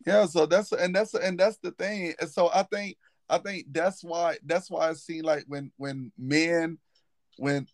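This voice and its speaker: A man's voice: on the high side, fairly even intonation, a little slow, no echo. A man hosting a casual podcast chat, talking emphatically and hammering his points by repeating words. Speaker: podcast host; football coach.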